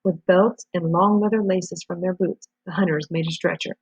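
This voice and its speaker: A woman's voice: fairly low pitch, steady tone, moderate pace, slightly rough, dry recording. A woman reading a novel aloud, telling the story steadily with small slips and restarts. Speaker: reader. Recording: dull lo-fi recording.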